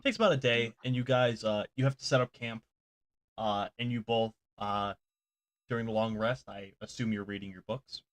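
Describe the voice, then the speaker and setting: A man's voice: on the low side, moderate pace. A man running a tabletop game as game master, narrating loosely with fillers and frequent laughter.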